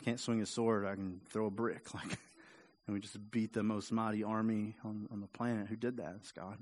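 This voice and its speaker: A man preaching a sermon in a conversational way, often repeating words and rising louder for emphasis. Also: on the low side, level tone, moderate pace. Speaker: pastor.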